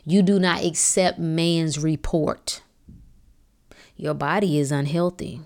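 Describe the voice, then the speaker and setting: Woman, podcast host, preachy and blunt, swears freely, swings from low and hushed to loud and fervent. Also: slow. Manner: preachy, blunt, profane, rising to fervent emphasis. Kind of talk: motivational monologue.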